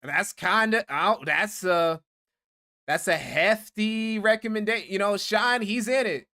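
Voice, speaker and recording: A man's voice: high-pitched, a little slow, sharp tone. A man hosting a livestream, reading donations aloud and ranting in a profane, exasperated way. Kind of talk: casual livestream commentary.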